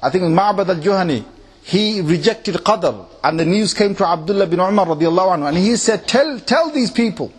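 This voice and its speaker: Man, mosque lecturer, husky voice, high pitch, animated delivery, asks listeners questions. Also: a little fast. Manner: animated, acts out quoted voices and laughs often; checks in with listeners with tag questions. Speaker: Islamic lecturer.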